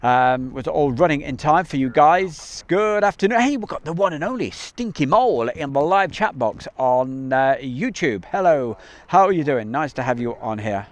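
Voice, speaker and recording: A man's voice: fairly high pitch, animated, moderate pace, few pauses. A man hosting a casual live stream outdoors near an airbase, chatting in a rambling way with many ums and uhs, recorded on a camcorder mic.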